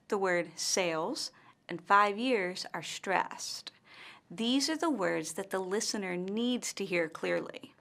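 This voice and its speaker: A woman with an American accent, an English instructor giving a scripted lesson in a slow, deliberate, carefully articulated way. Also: mid-range voice, a bit bright. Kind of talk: scripted teaching narration.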